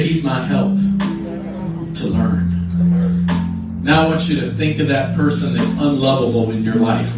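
A man preaching a sermon as pastor, leading the congregation in repeated declarations and prayer, with emphatic, repetitive phrasing. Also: medium pitch. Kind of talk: sermon with call-and-response prayer. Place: church sanctuary. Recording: very echoey room, from a distance, with music. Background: soft guitar music.

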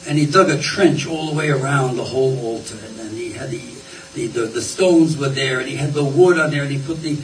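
A man's voice: medium pitch, brisk, few pauses. A man preaching a sermon in a folksy, conversational way, often repeating his words. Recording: roomy, distant, faint ambience.

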